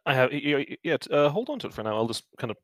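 A man's voice: mid-range voice, sing-song, rapid-fire, dry recording. A man playing a tabletop game, speaking hesitantly with stammers and restarts. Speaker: player.

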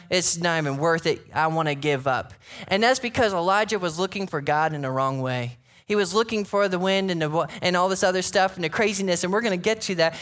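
High-voiced pastor preaching conversationally. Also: male voice. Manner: conversational preaching, frequent "right?" asides, animated retellings. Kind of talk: sermon.

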